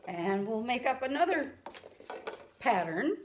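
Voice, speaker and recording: Slow, patient woman music teacher. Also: a little high, very animated, a little hiss or hum. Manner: counts and chants rhythm syllables, slow and patient. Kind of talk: online music lesson for children. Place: room with a keyboard. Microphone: camera mic.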